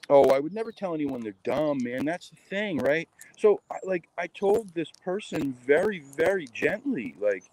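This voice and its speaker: A man's voice: a little high, very animated, normal speed, hardly any pauses, darkish tone, rough recording. A man chatting casually to his viewers in a rambling, hesitant way, full of fillers. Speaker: cryptid vlogger.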